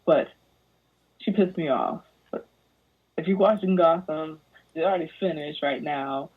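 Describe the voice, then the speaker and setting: Young woman, husky lowish voice, animated ranting, casual podcast chat, tinny phone-like audio. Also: measured pace. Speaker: podcast guest.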